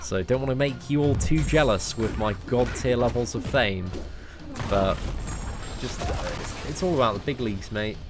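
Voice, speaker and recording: A man's voice: medium pitch, moderate pace. A young English man chatting casually on a game live stream, answering viewers, self-mocking and full of "like" and "mate". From England. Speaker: gaming streamer. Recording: faint music behind.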